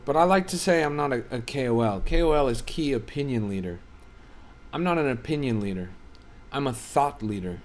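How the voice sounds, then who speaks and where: A man's voice: mid-range voice, slight background noise. Man casually chatting on a livestream. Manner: offhand and profane, reads and answers chat. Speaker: crypto trading streamer.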